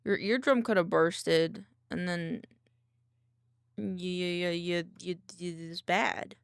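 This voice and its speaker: A woman's voice: fairly low pitch, slow pace, gravelly, clear, resonant tone, no echo, studio quality. A woman streamer chatting casually while she works, rambling with many restarts and fillers. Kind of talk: casual chat while working.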